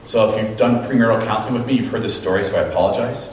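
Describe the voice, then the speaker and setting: A man's voice: lowish voice, racing, a little hiss or hum. A man preaching a sermon as a pastor, telling stories and acting out what people said. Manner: animated storytelling, acting out quotes. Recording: very echoey room, mic at a distance.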